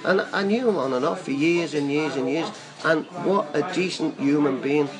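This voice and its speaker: A man's voice: fairly high pitch, moderate pace, over music, rough recording. An older man telling a long, chatty, rambling story as a guest on a talk show. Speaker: guest fan. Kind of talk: casual storytelling.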